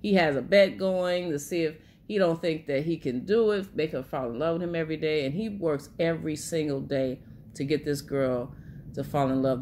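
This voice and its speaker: A woman vlogger chatting casually about movies in an emotional, gushing way. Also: medium pitch. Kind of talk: casual movie-recommendation vlog.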